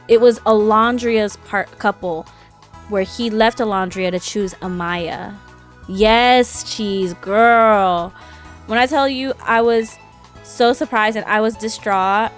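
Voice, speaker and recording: A woman streaming a game and chatting casually, gossiping in an animated way with frequent laughter. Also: medium pitch. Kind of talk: casual chat while gaming.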